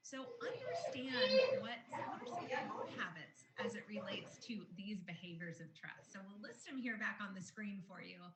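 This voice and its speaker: A woman giving a conversational training lesson on communication, explaining examples to learners. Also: mid-range voice. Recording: roomy with noticeable background noise.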